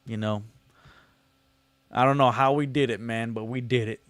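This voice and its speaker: A man's voice: medium pitch, steady tone, moderate pace, no room sound. Slangy, joking man on a livestream. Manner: reads chat messages aloud and answers them, joking and teasing; slangy, loose delivery with many fillers. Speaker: livestream host. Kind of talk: casual livestream chat.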